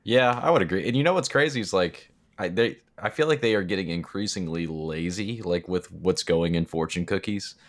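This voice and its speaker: Male podcast co-host, lowish voice, dry teasing quips. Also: a little fast, hardly any pauses. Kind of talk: casual podcast chat.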